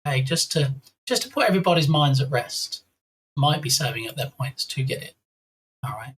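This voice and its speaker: Animated, chatty live-stream host. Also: mid-range voice, moderate pace, slightly rough. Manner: chatty and playful, reads out viewer names. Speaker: livestream host. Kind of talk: casual live-stream chat, thanking viewers.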